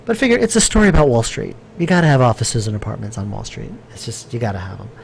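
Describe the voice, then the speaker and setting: Man, mid-pitched voice, rambling, thinking aloud, faint background hum. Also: big pitch swings, quick pace, gravelly. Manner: thinking aloud, rambling with many fillers and restarts; chatty, answers viewer chat. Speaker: game developer streaming his work. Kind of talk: casual live-stream commentary while working.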